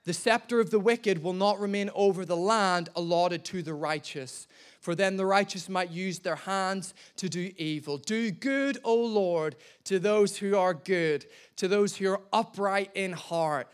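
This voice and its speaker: High-voiced man preaching. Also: measured pace. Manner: lively, humorous storyteller. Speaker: pastor. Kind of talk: sermon with personal storytelling.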